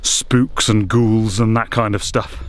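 A man's voice: on the low side, flat delivery, takes it slowly. A man, out on a countryside walk with his dogs, chatting casually to the camera as he goes. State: out of breath while climbing. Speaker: vlogger. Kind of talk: casual walking vlog. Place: outdoors on a countryside hill walk.

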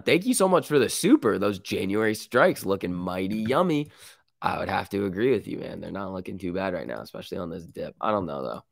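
A man's voice: lowish voice, gravelly, fairly bright tone, no room sound, clean studio sound. A man with a sick voice hosting a live stock market stream, reading chat and reacting in casual slang. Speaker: stock market livestream host.

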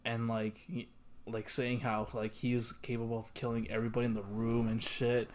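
A man's voice: medium pitch, monotone, moderate pace, a little mellow, a little hiss or hum. A man reacting to an anime episode in casual commentary, exasperated and swearing, repeating himself and sometimes dropping to a mutter. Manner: drops into muttered whispers. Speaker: anime reaction channel host.

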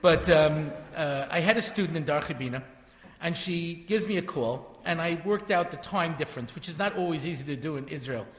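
Rabbi guy around 60, high voice, rambling funny story talk, big echoey hall. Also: a little fast. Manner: chatty, self-interrupting, joking asides. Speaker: rabbi giving a lecture. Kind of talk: humorous storytelling lecture to a live audience. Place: large hall with an audience.

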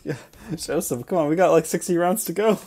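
A woman's voice: on the low side, a little fast, dark tone. A woman chatting while gaming with a friend on a live stream, giggling often and teasing back. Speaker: co-op gaming partner.

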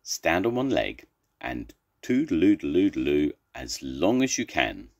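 An older man voicing an eager little elephant child who talks in excited rushes, in a children's storybook reading. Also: very deep voice, vocal fry, exaggerated voice.

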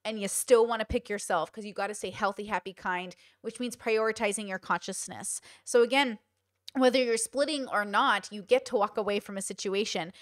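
A woman's voice: mid-range voice, a little fast, dry recording, studio quality. A young adult woman hosting a podcast, giving casual advice in an emphatic way and repeating points for stress. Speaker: podcast host.

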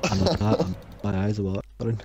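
Low-voiced man, chatty and stumbling. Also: moderate pace. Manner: excitable, chatty, stumbles over words. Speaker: gamer. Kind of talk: casual gaming chat with friends. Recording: game engine noise behind. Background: racing car engine sounds.

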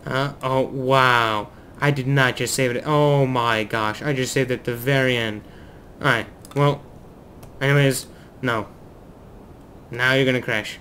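Excitable man narrating his gameplay. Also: medium pitch, a little slow, pauses often, a little hiss or hum. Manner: excitable, talks to himself while flying. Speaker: gaming video host. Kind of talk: let's play commentary.

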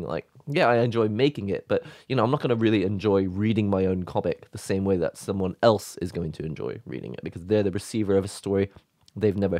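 A man hosting a casual vlog, talking excitedly and emotionally in a rambling way. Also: lowish voice, no echo, studio quality. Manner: excited, rambling, with laughs and sighs. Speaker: YouTube host.

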